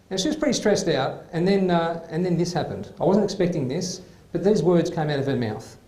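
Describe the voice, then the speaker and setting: A man hosting a comedy show, telling chatty stand-up stories from a club stage. His voice is fairly high, and the room around him is echoey. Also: lively intonation, fairly quick, hardly any pauses, mellow. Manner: chatty storytelling, laughing through the punchlines. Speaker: host. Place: club venue before a live audience.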